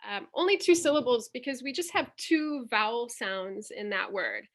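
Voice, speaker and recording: Over a computer mic on a video call, a woman teacher presents a workshop as an online teaching demonstration. Her voice is on the high side and fairly bright, with lively intonation at normal speed, as she patiently explains and sounds out vowels one step at a time.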